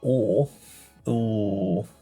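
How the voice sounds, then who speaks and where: A man's voice: lowish voice, extremely slow, vocal fry, dark tone, husky, soft background music. A man streaming a puzzle game live, thinking aloud in a playful way and muttering to himself as he works.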